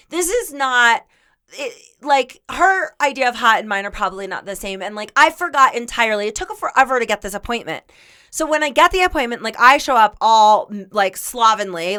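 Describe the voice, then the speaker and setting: A woman's voice: on the high side, bright, forceful tone, clear, resonant tone. A young woman co-hosting a podcast, telling a long comedic story in a rambling way full of fillers and laughter. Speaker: podcast co-host.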